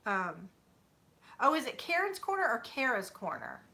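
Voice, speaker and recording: Woman, 30s, bright voice, chatty vlogger, rambling with fillers, sitting on her bed at home. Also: on the high side, sing-song, moderate pace. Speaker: YouTuber. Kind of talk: casual chat with viewers.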